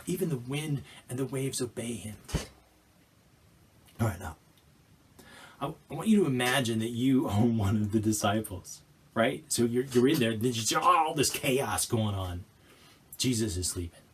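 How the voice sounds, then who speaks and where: A male pastor preaching a sermon in an animated way, acting out scenes and restarting phrases mid-sentence. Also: mid-range voice, moderate pace, husky. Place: church.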